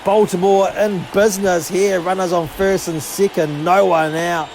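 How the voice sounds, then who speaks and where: At a normal speed, a gaming channel host with a high voice play-by-plays his video game, swearing a lot and joking as each play winds him up. Steady background hum sits under the recording.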